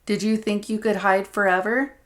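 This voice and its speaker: A woman voicing a brutal, drunken, abusive man who growls, mocks and shouts in a horror story. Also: mid-range voice, fairly even intonation, moderate pace, close to an everyday voice. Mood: snarling menace.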